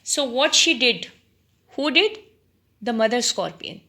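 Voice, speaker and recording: A woman teacher reading a story aloud to students, pausing deliberately to define words and quiz them. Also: on the high side, big pitch swings, bright, forceful tone.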